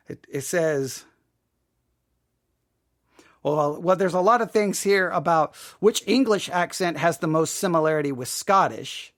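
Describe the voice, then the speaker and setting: A man's voice: on the high side, fairly bright tone, dry recording, clean studio sound. An American man hosting a Bible podcast, talking casually in a rambling, self-deprecating way with many restarts. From United States. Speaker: podcast host.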